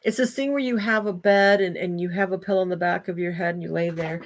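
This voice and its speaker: Chatting casually with viewers on her livestream, an older woman host lets out folksy exclamations. She talks fast in a lowish, steady voice, and a slight background noise can be heard.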